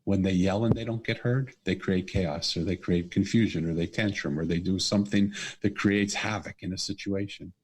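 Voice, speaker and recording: Earnest husky man telling a story. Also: deep voice, steady tone, moderate pace, hardly any pauses. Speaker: podcast guest, author. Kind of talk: conversational storytelling.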